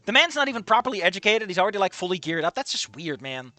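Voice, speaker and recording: A man's voice: high-pitched, sing-song, quick pace, sharp tone, dry recording, soft background music. A man reading a story aloud casually and commenting on it with sarcastic, swearing asides. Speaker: reader and commentator.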